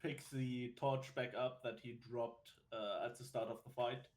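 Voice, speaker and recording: A man's voice: medium pitch, flat delivery, a little slow, slight background noise. A man playing in a tabletop game, chatty and laughing easily. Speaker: player. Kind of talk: casual tabletop play.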